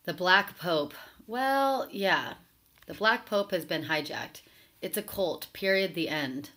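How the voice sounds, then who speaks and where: A woman hosts a live stream in a casual, chatty voice that sits a little low. She reads viewer comments aloud and answers them with sarcastic asides. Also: animated, slow, sharp tone. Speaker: talk show host reading live chat.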